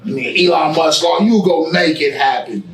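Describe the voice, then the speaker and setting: A man telling his story in a casual interview, with preachy, animated storytelling and street slang. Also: fairly high pitch, moderate pace, reverberant, distant mic, faint music behind, rough recording. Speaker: guest, barbershop owner. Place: barbershop.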